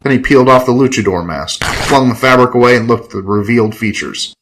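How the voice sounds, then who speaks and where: A man's voice: medium pitch, brisk, a bit bright, slight background noise, rough recording. A man narrating a gritty first-person story in a wry, profane, hard-boiled tone.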